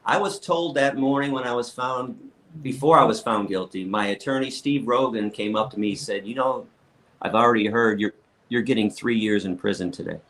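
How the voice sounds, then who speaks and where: A man guesting on a podcast interview, telling blunt, animated stories and often stammering as he restarts his sentences. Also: mid-range voice, normal speed, low-quality recording. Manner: blunt and outspoken.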